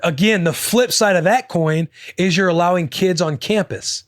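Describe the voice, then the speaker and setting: A young man hosting a podcast, chatting casually, rambling and swearing freely with excitable energy. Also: high-pitched, normal speed, no echo, studio quality. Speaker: podcast host. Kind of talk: casual chat.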